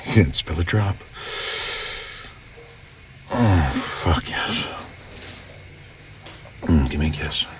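Man, intimate audio role-play, extremely deep voice, slow drawn-out delivery, murmured whispers, hissy noisy recording. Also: lively intonation. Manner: low murmuring with frequent whispers and sighs.

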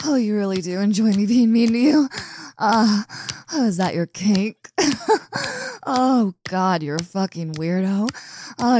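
A woman's voice: fairly high pitch, darkish tone, a little hiss or hum. A young woman voicing a cocky, domineering muscular college woman in an intimate audio role-play, teasing and mocking with frequent giggles. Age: young adult.

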